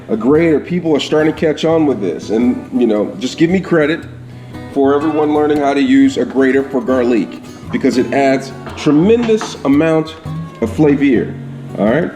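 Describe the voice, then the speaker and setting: A man's voice: a little high, mellow. A man giving a casual cooking demonstration in his home kitchen, chatty, often checking in with "all right?". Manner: chatty, repeats "all right?" and "absolute goodness". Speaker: home cook. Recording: echoey kitchen with faint guitar music.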